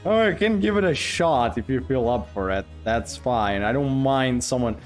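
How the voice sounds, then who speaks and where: A male streamer chats casually over his gameplay, joking and laughing often as he answers his viewers. His voice swings widely in pitch, full of animated ups and downs. Faint music plays underneath. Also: moderate pace. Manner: chatty and joking, laughs often, talks back to chat. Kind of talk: casual live gameplay commentary.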